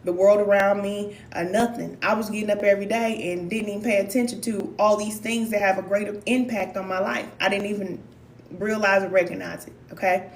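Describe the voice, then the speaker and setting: A woman's voice: medium pitch, steady tone, brisk, slight background noise. Blunt, emphatic woman in an echoey room. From Missouri. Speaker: spiritual life coach. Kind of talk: motivational talk to camera.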